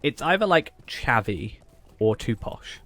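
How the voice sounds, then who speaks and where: A man's voice: mid-range voice, very animated, measured pace, fairly bright tone. A man, streaming a game and chatting casually with viewers while he plays, cracking jokes. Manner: joking, chatty, talks to chat while playing. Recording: faint background music.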